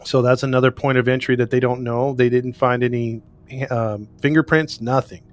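A man's voice: mid-range voice, steady tone, normal speed, faint music behind. Rambling man in casual chat. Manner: rambling, restarts often, laughs at himself. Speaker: podcast co-host recounting a case.

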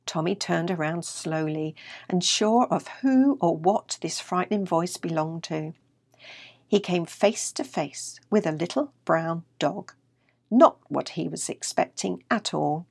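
An older woman, the author, reading her children's story aloud in a calm, even way. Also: lowish voice, measured pace, gravelly, no room sound, studio quality.

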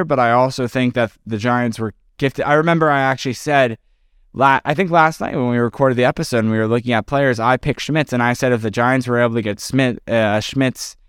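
A man's voice: mid-range voice, clear, resonant tone, no echo, clean studio sound. A tired man co-hosting a casual sports podcast, giving analysis with many fillers. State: tired, yawning. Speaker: podcast co-host.

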